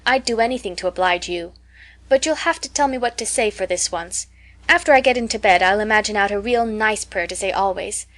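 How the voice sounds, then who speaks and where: A woman's voice: medium pitch, fairly quick, fairly bright tone, close to an everyday voice. A woman reading an audiobook and voicing a talkative, dreamy eleven-year-old orphan girl in a raised, eager voice.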